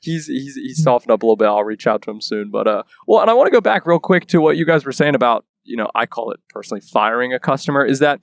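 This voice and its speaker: A man's voice: medium pitch, expressive, quick pace, gravelly, few pauses, no echo. A man who is a guest on a podcast, explaining his business in earnest casual chat. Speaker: guest, startup co-founder.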